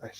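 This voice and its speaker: A man from North Wales with a North Welsh accent, chatting casually on a livestream, blunt and rambling, swearing freely. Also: dark tone. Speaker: livestream host reading chat.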